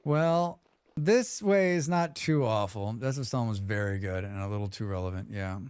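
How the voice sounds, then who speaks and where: A man's voice: fairly low pitch, moderate pace, darkish tone, clear, resonant tone, no room sound. A man streaming a survival game live, chatting casually, reading viewer comments aloud and humming to himself as he plays. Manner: chatty, reads chat aloud and hums to himself.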